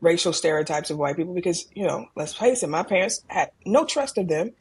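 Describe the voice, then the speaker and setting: A middle-aged woman, an emergency room doctor, telling stories from her work in a calm, candid way and livening up when she quotes people. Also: on the low side, brisk, slightly rough. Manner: calm, candid, animated when quoting others. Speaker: ER physician guest. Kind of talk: conversational storytelling.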